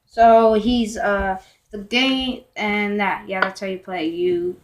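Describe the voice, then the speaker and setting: A woman's voice: mid-range voice, slow pace. Rambling young girl telling a storytime. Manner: rambling, full of fillers and asides, sometimes whispering. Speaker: vlogger. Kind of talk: storytime vlog.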